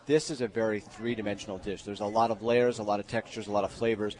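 A man's voice: fairly low pitch, fairly even intonation, darkish tone. A man co-hosting a live radio food segment, talking effusively about the dish. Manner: effusive, rapid talk with restarts. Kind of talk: live radio talk show.

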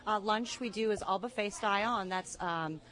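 A woman's voice: mid-range voice, normal speed, fairly bright tone. Matter-of-fact woman, ranch staff guest. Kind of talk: radio interview answers.

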